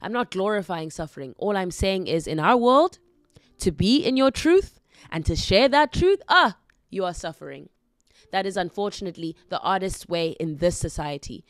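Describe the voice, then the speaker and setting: A woman hosting a podcast, speaking slowly and earnestly in a heartfelt, reflective monologue. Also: lowish voice, lively intonation, no room sound, studio quality. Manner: slow, earnest, gently encouraging. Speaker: podcast host.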